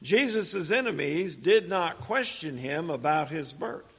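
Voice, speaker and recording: Male Bible teacher, sermon, slow deliberate talk, rhetorical questions, slightly dull lo-fi sound. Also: a little high, expressive, vocal fry, husky.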